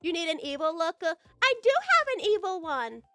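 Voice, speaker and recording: A woman's voice: huge pitch swings, fairly quick, a bit bright, no room sound, soft background music. A woman with a girlish voice, chatting with her viewers in a bubbly, giggly way on a casual live stream. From United States. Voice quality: very high, girlish voice.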